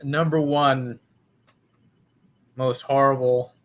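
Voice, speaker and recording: A man's voice: medium pitch, flat delivery, takes it slowly. A man co-hosting a casual comedy podcast, joking around and slipping into silly impressions. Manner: jokey, slips into silly impressions. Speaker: podcast co-host.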